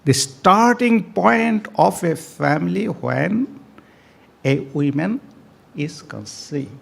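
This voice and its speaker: A man addresses an event audience, dwelling slowly on each point and leaning into key words. His voice is gravelly and slightly high, and it rises and falls widely as he repeats phrases for emphasis. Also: animated. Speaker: speaker at a family day event. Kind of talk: speech to an audience. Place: event hall.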